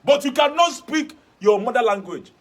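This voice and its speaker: A man from Nigeria with a high voice, speaking earnestly on a studio panel. He agrees warmly and presses his own point. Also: expressive, normal speed. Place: television studio.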